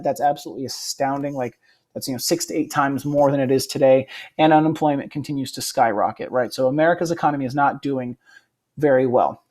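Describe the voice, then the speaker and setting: Casual lecturing man, slightly high voice. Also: darkish tone. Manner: casual, frequent "right?" check-ins and fillers. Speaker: history teacher. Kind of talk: recorded classroom lecture.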